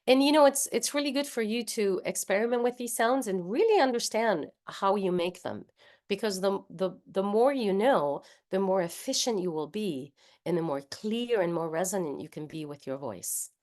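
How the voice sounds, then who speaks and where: Over a video call, a Spanish-accented woman runs an online voice workshop, patiently sounding out speech sounds as she explains them. Her medium-pitched voice is expressive and a little mellow, and she keeps a moderate pace.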